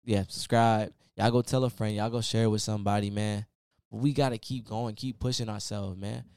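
Male podcast host, low register, casual sermon-like pep talk, dry close mic. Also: steady tone, brisk, a little mellow, smooth, no echo. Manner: casual, preachy, repeats "man" often. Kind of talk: motivational solo podcast rant.

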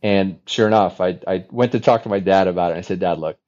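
A man in his forties with a lowish voice tells his story as a podcast guest, earnest and animated, slipping into the voices of people from his past. The recording sounds dull and lo-fi, as if the high end were rolled off. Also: fast talker. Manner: earnest, animated storyteller who often acts out remembered dialogue. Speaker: podcast guest, former Navy fighter pilot. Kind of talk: conversational storytelling.

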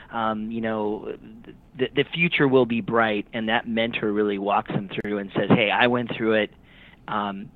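A man, a nonprofit founder, speaking earnestly as a guest in a casual podcast interview. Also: fairly low pitch. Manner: earnest, reflective. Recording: tinny phone-like call line.

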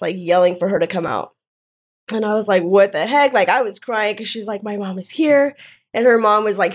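A young woman from Southern California, candidly telling a personal story in a casual chat, often laughing. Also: medium pitch. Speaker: guest.

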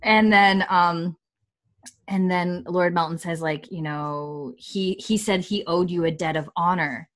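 A woman in casual chat, retelling a TV scene with quick quoted voices and laughter. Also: lowish voice, steady tone. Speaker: podcast co-host. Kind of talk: casual chat recapping a TV episode.

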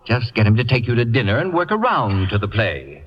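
An actor playing an imperious, acid-tongued middle-aged celebrity critic who talks in a bossy, sardonic way, in 1940s radio acting. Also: male voice, mid-range voice, wildly swooping pitch, brisk, husky. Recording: muffled vintage radio broadcast.

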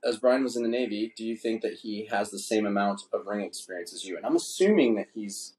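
A man's voice: lowish voice, brisk, a little mellow. A man hosting a casual podcast chat, rambling and swearing freely. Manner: profane, rambling, laid-back. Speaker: podcast host. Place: indoors, drinking wine.

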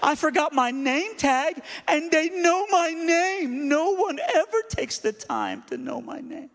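A man's voice: high-pitched, fast, big-room sound, pitched above the performer's own voice. A man voicing a gushing, tearful hotel cleaning lady who keeps apologizing, in a story told during a sermon.

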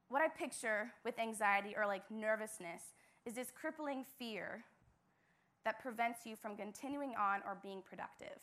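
A woman's voice: a little high, pushed and bright. A young woman, a church intern, giving an earnest devotional message with emphatic repetition.

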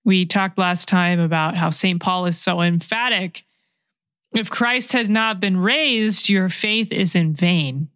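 A woman preaches at an unhurried, measured pace, repeating her key lines for weight. She sinks to a hushed whisper when she quotes scripture, and the recording is close and dry, with no room sound. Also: on the low side, no echo. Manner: slow, reflective, repeats key phrases; drops to a soft whisper when quoting scripture. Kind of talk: sermon.

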